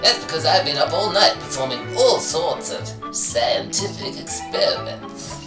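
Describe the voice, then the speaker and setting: Man doing a prim professor, lively swoops, echoey from afar, music under. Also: on the high side, a little slow, far from the mic. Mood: smug. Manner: prim, innuendo-laden presenter tone. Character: sleazy male British professor, faux-posh science host.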